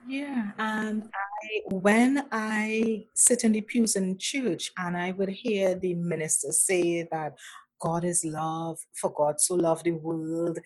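A woman from Nigeria, a guest on an interview, telling her own story in a slow, halting way with many restarts. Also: fairly low pitch, steady tone, no echo, poor audio. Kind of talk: personal testimony.

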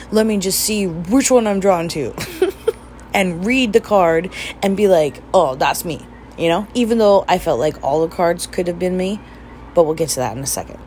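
A chatty young woman with a slightly low voice tells a personal story for her vlog, playfully acting out what she and others said. A faint hum of background noise sits under her voice. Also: darkish tone, low-quality recording. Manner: chatty, laughs often, acts out quoted dialogue. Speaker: vlogger.

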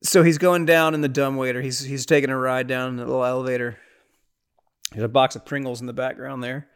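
A man's voice: medium pitch, flat delivery, brisk, clean tone. A man hosting a podcast, giving casual watch-along commentary on a movie in a rambling, reactive way with sudden exasperated outbursts. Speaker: podcast host.

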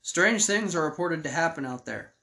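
Man voicing a calm police sergeant, measured, fairly high voice, tabletop game. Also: creaky, full character voice. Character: steady male police sergeant.

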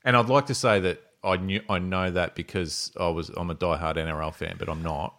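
A man hosting a fishing podcast, chatting casually, often laughing and trailing off into a quiet mumble. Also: deep voice, steady tone, a little fast. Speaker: podcast host.

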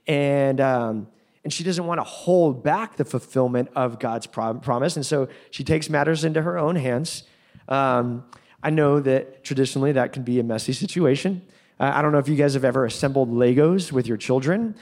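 A man preaching a sermon in a conversational, animated way, with playful asides. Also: mid-range voice, moderate pace. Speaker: pastor.

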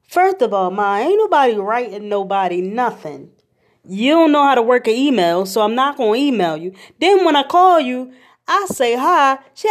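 A young woman hosting a podcast, telling comic stories in an animated, slangy, jokey way. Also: a little high, moderate pace. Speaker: podcast host. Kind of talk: comedic storytelling monologue.

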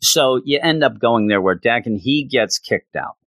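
A man's voice: mid-range voice, expressive, moderate pace, a bit bright, no room sound. A man hosting a podcast, recapping a comic in a sarcastic, exasperated way with stammering restarts. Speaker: podcast host. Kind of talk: casual comic book recap.

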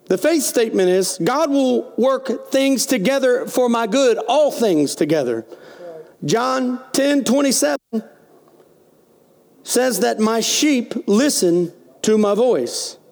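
A man's voice: very high voice, expressive, slow pace, creaky, a little mellow. A man preaching a sermon as pastor, calling out questions to his congregation. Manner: folksy preaching with call-and-response.

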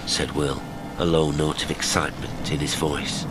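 Deep-voiced man narrating horror. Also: flat delivery, noisy background. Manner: measured, dramatic storytelling. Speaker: podcast narrator.

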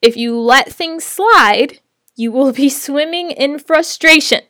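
A woman's voice: high voice, slow pace, pushed and bright, no room sound, clean studio sound. A woman sharing practical tips on teaching online, in a friendly, conversational way with light laughs. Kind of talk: casual teaching tips to camera.

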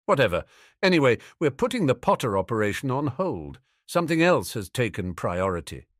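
A man's voice: medium pitch, very animated, fairly quick, no echo, studio quality. A man voicing an irritable, sarcastic male wizard schemer in a storybook reading. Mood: scheming. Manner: sarcastic, disdainful.

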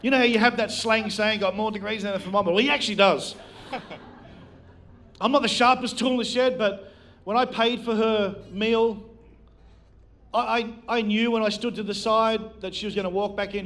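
A man's voice: sits high, fairly even intonation, brisk, a bit bright. A male pastor preaching a sermon to a live congregation on a handheld microphone, telling a personal story with self-deprecating jokes. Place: church, speaking to a live congregation.

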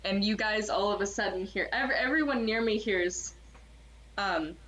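A woman's voice: mid-range voice, moderate pace, fairly bright tone, a little hiss or hum, rough recording. A woman playing a tabletop role-playing game, describing her character's actions casually and laughing often. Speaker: player.

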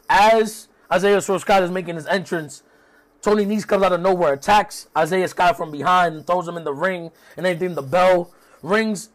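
A man's voice: high voice, a little slow. A young man giving a loose, profane review of a wrestling show, with plenty of fillers and asides. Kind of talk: casual recap commentary.

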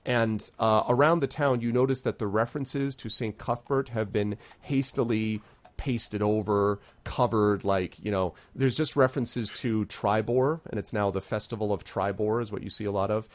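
A man's voice: on the low side, moderate pace, dry recording. A man narrating as game master of a tabletop game, loosely, with many ums and uhs.

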